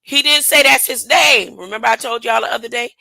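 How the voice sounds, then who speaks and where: A woman's voice: on the high side, brisk, vocal fry, pushed and bright, dry recording, poor audio. A woman preaching an informal Bible lesson, acting out characters in casual speech and often laughing. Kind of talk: informal sermon with storytelling.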